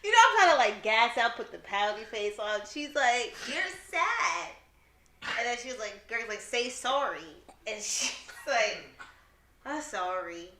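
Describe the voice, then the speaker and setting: A woman's voice: a little high, expressive, moderate pace, hardly any pauses, pushed and bright, reverberant. A woman co-hosting a casual chat, telling family stories with lots of laughter and acted-out voices. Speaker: co-host.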